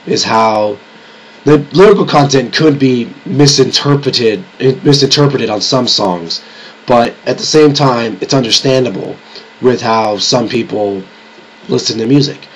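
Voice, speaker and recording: A man's voice: medium pitch, creaky, breathy edge, poor audio. A young man with a slightly sick voice, reviewing games and albums in a rambling, casual way and restarting his sentences often. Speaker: YouTube reviewer.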